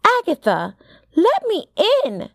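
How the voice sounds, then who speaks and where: A woman's voice: high-pitched, very animated, slow pace, no echo, voice pushed up, full character voice. A woman voicing a vain, pretty teenage girl who talks in a sweet, cooing, coaxing way. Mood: insistent.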